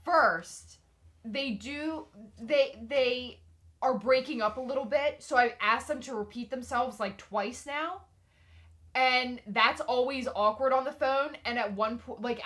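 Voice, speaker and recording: A woman co-hosts a casual podcast, recounting her side of a story with wry little asides. Her voice sits a bit high and sounds bright and sharp. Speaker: podcast co-host.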